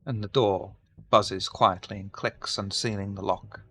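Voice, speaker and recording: A man running a tabletop horror game, narrating scenes in a calm, measured way. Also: lowish voice. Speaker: game master.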